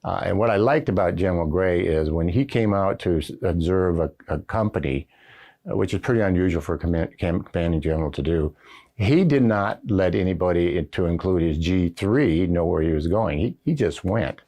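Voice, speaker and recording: A man's voice: low-pitched, animated, a little fast, mellow. An older man, a retired Marine general, telling anecdotes in an interview with lots of uh and you know. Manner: folksy anecdotal storytelling with frequent fillers. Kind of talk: recorded oral history interview. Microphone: camera setup with interviewer behind it.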